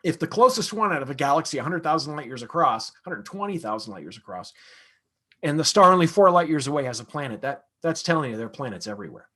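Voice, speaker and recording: A man's voice: a little high, very animated, fast, fairly bright tone. A man, an astronomer, answering audience questions in a casual, conversational lecture with frequent fillers and restarts.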